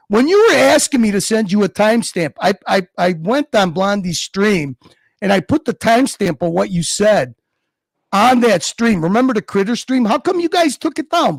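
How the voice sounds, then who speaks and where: A high-voiced man with a gravelly edge rants on his livestream, swearing constantly and mocking his critics. His pitch swings all over the place as he talks. The sound is dry and close, with no room around it. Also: sing-song, moderate pace, no room sound. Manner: profane, mocking, heated rant. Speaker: livestream host. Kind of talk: ranting livestream chat.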